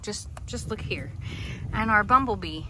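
A woman's voice: medium pitch, lively intonation, a little slow, sharp tone, a little hiss or hum. A woman outdoors filming her goats in Halloween costumes, chatting casually and talking to them in affectionate baby talk. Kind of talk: casual vlog talking to animals.

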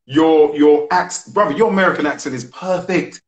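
A man's voice: on the high side, normal speed, few pauses. A man hosting a live interview over a video call, talking in an enthusiastic, chatty and friendly way. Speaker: interview host. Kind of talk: casual interview. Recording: roomy echoey room sound.

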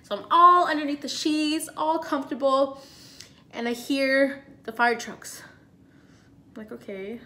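Bright animated young woman storyteller. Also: sits high, unhurried, long pauses. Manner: animated, breathless retelling with many fillers. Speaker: vlogger. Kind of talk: casual storytime.

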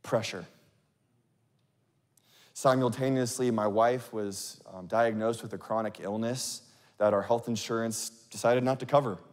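A man's voice: mid-range voice, steady tone, unhurried, darkish tone. A male pastor delivering a sermon in a candid, conversational storytelling manner, with casual fillers and personal stories. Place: large church sanctuary. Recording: long reverb of a large hall.

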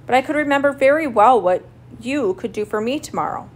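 A woman voicing a clever little male mouse in a storybook reading, calm and crafty as he bargains. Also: high-pitched, a little fast, pitched above the performer's own voice. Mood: bargaining.

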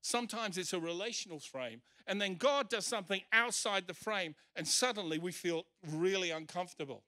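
A man's voice: high-pitched, brisk, sharp tone. A male pastor preaching emphatically at a church service, acting out the scripture quotes he reads. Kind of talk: sermon.

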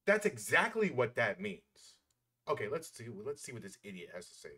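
A man's voice: medium pitch, sing-song, moderate pace, a bit bright, slight background noise. A man giving heated reaction commentary, blunt and scornful, swearing freely as he mocks the clip.

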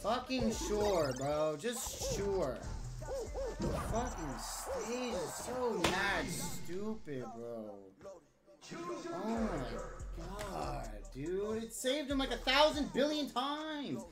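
A woman's voice: medium pitch, expressive, slow. A woman streaming a game, giving live commentary as a profane, frustrated rant. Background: game music.

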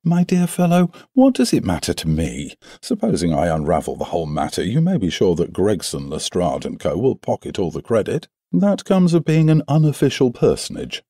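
A man voicing a cool, self-assured male detective in an audiobook, speaking crisply with a lightly mocking edge. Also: low-pitched, wildly swooping pitch, moderate pace, hardly any pauses, dark tone, no echo, studio quality, full character voice. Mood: brisk. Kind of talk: audiobook character reading.

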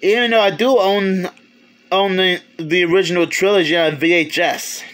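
Male reviewer, high pitched voice, loose halting delivery, casual video review. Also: fairly even intonation, a bit bright. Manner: rambling, halting, many restarts, chuckles. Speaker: movie reviewer.

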